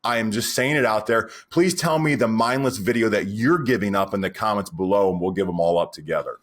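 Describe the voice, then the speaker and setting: A man in his forties co-hosting a podcast, chatting casually and launching into animated stories and rants. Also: lowish voice, brisk. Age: 40s. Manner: animated storyteller, goes on rants. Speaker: podcast co-host.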